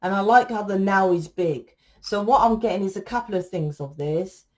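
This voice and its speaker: A woman's voice: mid-range voice, normal speed. A woman giving a casual tarot reading, blunt and lecturing, swearing freely as she talks to her viewers. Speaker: tarot reader.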